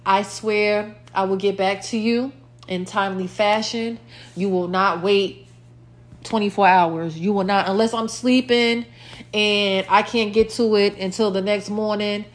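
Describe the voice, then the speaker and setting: A woman's voice: mid-range voice, steady tone, measured pace. A woman hosting her own podcast in a rambling, casual solo chat, with lots of fillers and repeated lines, her mouth a little dry. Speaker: podcast host.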